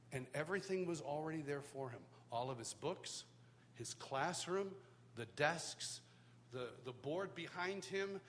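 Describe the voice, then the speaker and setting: A man's voice: fairly high pitch, a bit bright. A man from the United States giving a personal testimony at a live worship school, in a conversational storytelling way with frequent restarts. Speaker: worship teacher. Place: large hall, live event. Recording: long hall reverb, faint hum.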